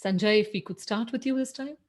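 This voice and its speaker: A woman hosting an online business panel, polite and measured as she hands over to speakers. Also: on the high side. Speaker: host, facilitator. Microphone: video call.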